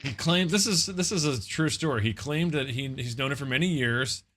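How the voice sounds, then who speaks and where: A man co-hosting a comedy fake-news segment, slightly tipsy, delivering deadpan satirical anchor patter. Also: medium pitch, a little fast, slight background noise. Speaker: co-host of a comedy news parody. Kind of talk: mock newscaster delivery.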